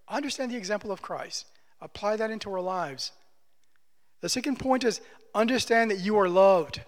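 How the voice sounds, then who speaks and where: High-voiced preacher in a reverberant hall. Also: male voice. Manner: earnest preaching, drops to soft tender repetitions. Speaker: pastor. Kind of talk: sermon.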